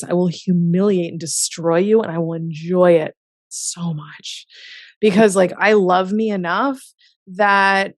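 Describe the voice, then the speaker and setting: A woman's voice: mid-range voice, no echo, studio quality. A woman speaking as a guest in an interview, candid and emphatic, sprinkling her talk with "like" and frequent laughter. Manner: emphatic and self-assured, heavy use of "like"; laughs often. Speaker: author and business co-founder, interview guest.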